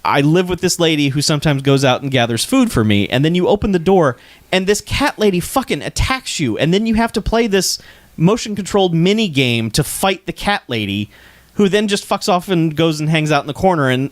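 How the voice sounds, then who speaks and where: A man's voice: a little high, animated, brisk, no echo. A man co-hosting a podcast, chatting casually and animatedly, swearing and laughing as he tells a story. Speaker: podcast co-host. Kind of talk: casual chat.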